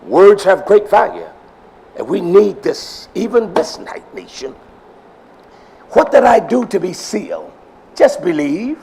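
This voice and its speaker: An older man preaching a sermon, swinging from loud emphasis down to near whispers. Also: high voice, lively intonation, unhurried, creaky, husky, poor audio.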